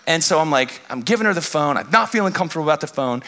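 Bright, animated male pastor. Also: fairly high pitch, racing. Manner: animated, self-deprecating storytelling with acted-out exasperation. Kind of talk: storytelling sermon.

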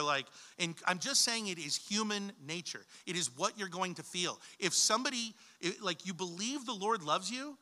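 A man's voice: high-pitched, pushed and bright. A young man preaching a sermon, reading scripture aloud and explaining it in an informal, conversational way, calling his listeners guys.

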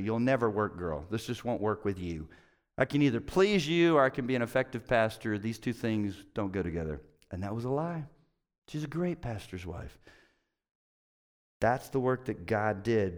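A man's voice: mid-range voice, clear, resonant tone. A middle-aged male pastor preaching in a conversational, storytelling way with self-mocking humor. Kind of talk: sermon.

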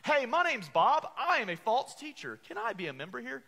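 A man voicing a brash, blunt false teacher in a loud, cheery, exaggerated tone within a sermon. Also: very high voice, big pitch swings, brisk, long reverb tail, voice pushed up, exaggerated voice. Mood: mock cheerful.

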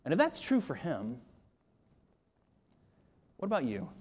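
Emphatic preacher man, slightly high voice. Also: wildly swooping pitch, measured pace, a little mellow. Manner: emphatic, with rising and falling emphasis and rhetorical questions; repeats words at the start of phrases. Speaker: pastor. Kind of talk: sermon.

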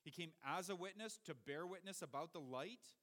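A man's voice: a little high, moderate pace, a bit bright. Man preaching a teaching sermon. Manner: explanatory, teacherly, walks through Bible verses.

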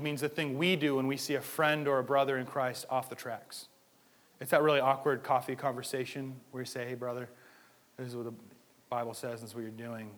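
A man preaching a sermon as pastor, talking conversationally and moving from quiet asides to loud pleading. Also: medium pitch.

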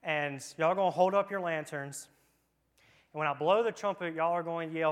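Reading scripture and cracking casual, playful jokes, a children's church leader guides an interactive Bible lesson in a church room with kids there. His voice sits on the high side, smooth and fairly bright, delivered flatly and fairly quickly.

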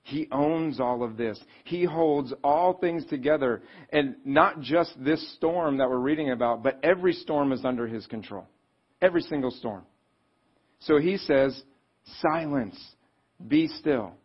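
A man preaching a sermon in a conversational, animated way, reading scripture and acting out quotes. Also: medium pitch, normal speed, slightly rough. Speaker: pastor. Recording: slightly dull, lo-fi sound.

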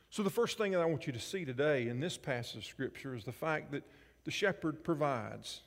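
A man's voice: mid-range voice, expressive, fairly quick, vocal fry. A man preaching a sermon as pastor, telling personal stories and asking the congregation questions. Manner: storytelling with quoted voices and audience questions. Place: church sanctuary. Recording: church hall reverb.

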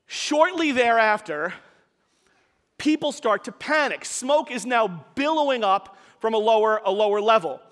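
High-voiced male preacher telling a story. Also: lively intonation, unhurried, fairly bright tone, in a large hall. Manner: conversational storyteller with casual asides. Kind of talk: storytelling sermon.

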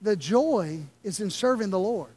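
A man preaching a sermon as pastor, with impassioned delivery and dramatic slow pauses. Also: sits high, lively intonation, a little mellow. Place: church sanctuary.

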